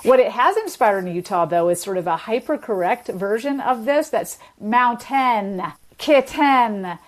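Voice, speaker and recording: A woman's voice: medium pitch, very animated, normal speed. A woman guest explaining dialect features in an interview, articulate and patient, illustrating points with examples. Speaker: linguist guest.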